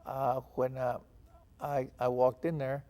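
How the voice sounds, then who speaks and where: A man's voice: mid-range voice, level tone, slow pace, mellow. An older man from Texas recounting his past in an oral history interview, acting out the dialogue he quotes. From San Antonio, Texas. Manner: storytelling, acts out quoted dialogue. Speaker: veteran interviewee.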